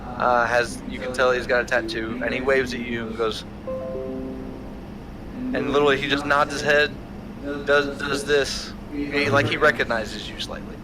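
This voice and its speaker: A man narrating as game master of a tabletop game, halting often with fillers and restarts. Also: medium pitch, level tone, music in the background, rough recording.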